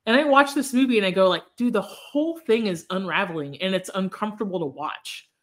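Lively woman host, chatty, acts out lines, mid-pitched. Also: fairly quick. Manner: animated, laughs often, acts out movie lines. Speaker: podcast host. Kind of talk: casual chat.

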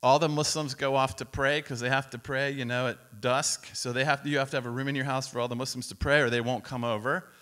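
A man preaching to a camp crowd, telling a story with lively acted-out quotes and sudden drops to a whisper. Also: medium pitch, a little fast, hardly any pauses. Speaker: speaker at a youth camp. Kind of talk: storytelling sermon. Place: camp meeting hall.

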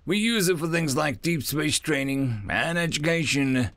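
A man's voice: fairly high pitch, unhurried, fairly bright tone, no echo, soft background music, pitched above the performer's own voice. A man voicing a polite, nervous male alien speaking through a translator, formal and hesitant.

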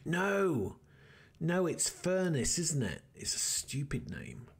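Slow, rambling man narrating gameplay. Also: fairly high pitch, huge pitch swings, vocal fry, husky. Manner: muttering and thinking aloud, rambling with restarts. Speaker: let's play host. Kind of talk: casual gameplay commentary.

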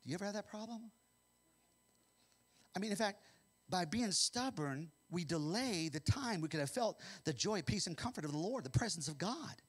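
Male Midwestern American pastor, high-pitched and animated, preaching with big dynamic swings. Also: moderate pace, breathy edge. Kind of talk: sermon.

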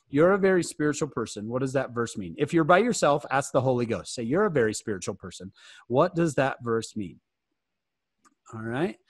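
An American man giving an interactive fireside talk, animated and joking, often asking his listeners questions. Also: mid-range voice, husky, no echo, clean studio sound. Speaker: fireside speaker.

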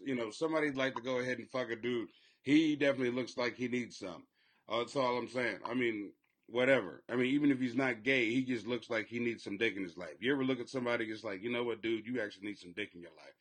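A man's voice: mid-range voice, fast. Profane, rambling male podcast host. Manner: profane, rambling, loud swings in volume. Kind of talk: crude comedic commentary.

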